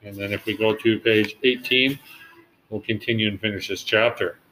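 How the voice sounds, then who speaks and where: A man's voice: on the low side, steady tone, moderate pace, noisy background. A male teacher casually guiding students through a class reading and assignments. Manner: casual, encouraging instruction. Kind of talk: online class read-along.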